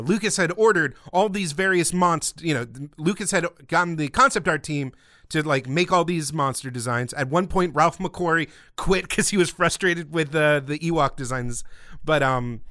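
A man's voice: on the high side, no room sound, studio quality. A man co-hosting a podcast, telling stories in a loose, joking way, often laughing and acting out quotes. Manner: animated storyteller, laughs often, acts out quotes. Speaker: podcast co-host. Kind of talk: casual comedic chat.

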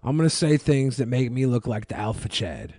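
A man co-hosting a casual podcast, cracking deadpan ironic jokes. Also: mid-range voice, fairly quick, noisy background. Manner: deadpan jokey, ironic asides.

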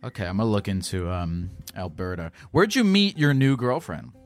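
A call-in podcast host with a lowish voice and lively intonation talks casually, halting often with restarts and fillers. Soft music plays in the background.

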